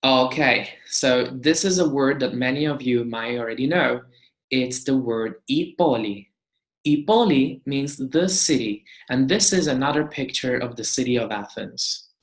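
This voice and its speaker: A woman's voice: very deep voice, measured pace. A woman teaching a beginner language lesson, saying each word several times and explaining it patiently. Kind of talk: slow beginner lesson with repeated drills. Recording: echoey room.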